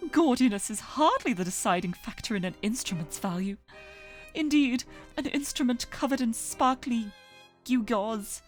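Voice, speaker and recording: A woman voicing a haughty, prickly young male pigeon aristocrat in a visual novel read-aloud, speaking in an imperious, scornful way. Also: fairly high pitch.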